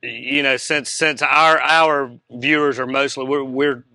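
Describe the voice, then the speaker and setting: Male interview host; enthusiastic, laughs easily, bright tone. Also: mid-range voice, fairly even intonation, slow, no echo. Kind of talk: casual interview.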